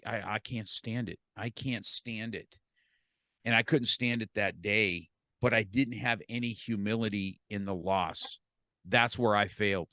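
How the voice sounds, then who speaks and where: A middle-aged man with a lowish voice tells a personal story as a podcast guest, quoting himself and others and repeating words as he goes. The sound is close and dry, with almost no room around it. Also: fairly bright tone, no room sound.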